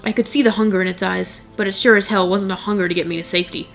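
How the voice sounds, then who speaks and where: A young woman narrates a first-person horror tale with a wry, blunt delivery and casual profanity. Her voice sits in a middle register, and soft music plays underneath. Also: medium pitch, fairly even intonation, racing, gravelly.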